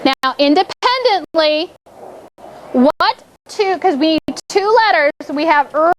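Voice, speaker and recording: A woman's voice: very high-pitched, lively intonation, slow pace, a little hiss or hum, poor audio. A woman teaching a classroom, coaxing pupils through call-and-response prompts. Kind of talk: classroom instruction.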